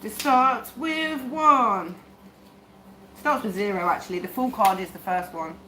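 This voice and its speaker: A woman's voice: mid-range voice, lively intonation, a little slow, sharp tone, a little hiss or hum. A woman reading tarot on a livestream, talking bluntly and swearing as she rambles to herself. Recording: echoey room with faint ambience.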